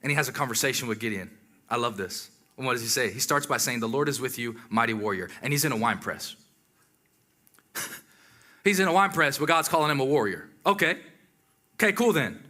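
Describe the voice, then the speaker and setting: A man preaching a sermon in a lively, conversational way, with exclamations and asides to the congregation. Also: medium pitch, brisk, long pauses.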